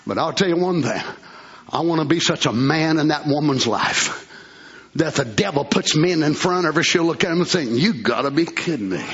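A man preaching a fiery sermon at a church service. He shouts fervently, then drops into hushed asides. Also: on the high side, expressive, normal speed, breathy edge. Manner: shouting, fervent, swings between loud cries and hushed asides. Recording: muffled lo-fi recording.

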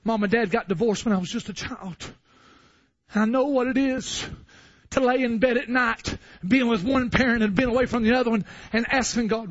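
A man preaching an impassioned sermon in a church, dropping to a hush and then shouting. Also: very high-pitched, normal speed. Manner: impassioned, swinging from hushed to shouting. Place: church building. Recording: dull lo-fi sound.

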